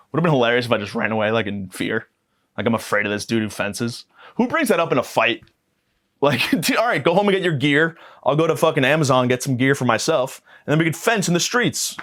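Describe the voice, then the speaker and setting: A man's voice: medium pitch, animated, brisk, fairly bright tone. A man of about thirty telling rambling comic stories on a podcast, swearing often and acting outraged. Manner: profane, rambling, mock-outraged. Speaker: podcast guest. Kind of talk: comedic storytelling rant.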